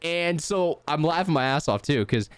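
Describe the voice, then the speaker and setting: A man's voice: on the high side, expressive, moderate pace, clean tone, dry recording. A young man hosting a podcast in casual chat, laid-back, laughing easily and swearing freely. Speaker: podcast host.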